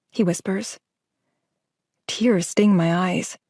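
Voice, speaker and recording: A woman's voice: lowish voice, steady tone, normal speed, darkish tone, no echo. A woman reading a first-person romance audiobook in an intimate, emotive way, close to the mic. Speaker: audiobook narrator. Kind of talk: scripted first-person narration.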